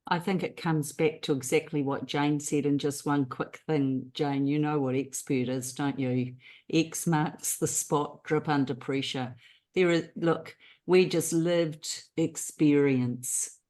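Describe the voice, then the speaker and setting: Slow-spoken low-voiced woman, emphatic. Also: steady tone, a little mellow. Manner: emphatic, joking, deliberate. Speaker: panelist, author. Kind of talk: casual panel discussion.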